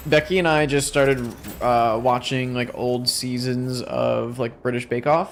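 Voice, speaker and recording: A man's voice: medium pitch, fairly even intonation, a little slow, few pauses, slight background noise. A young man streaming a video game, sounding exhausted and talking in a rambling, self-deprecating way. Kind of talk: casual gameplay commentary.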